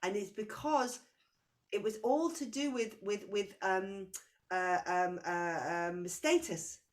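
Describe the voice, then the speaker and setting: A woman's voice: mid-range voice, takes it slowly. Intense woman giving a spiritual reading. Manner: intense, repetitive, searching for words. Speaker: past-life reader.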